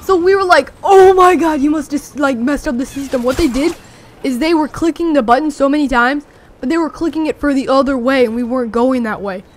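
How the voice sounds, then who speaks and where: A young teenager rambling excitedly through a story with many fillers, talking over gameplay. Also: high voice, a little fast, slight background noise. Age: young teen. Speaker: gameplay commentator.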